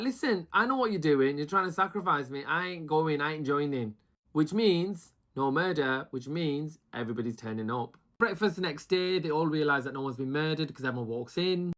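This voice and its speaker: A man giving a chatty, gossipy recap of a reality show, slipping into quick impressions of the people he talks about. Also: fairly high pitch, a bit bright.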